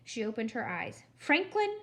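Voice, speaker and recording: A woman narrating a children's storybook in an expressive, wry reading voice. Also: a little high, moderate pace. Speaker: storybook reader.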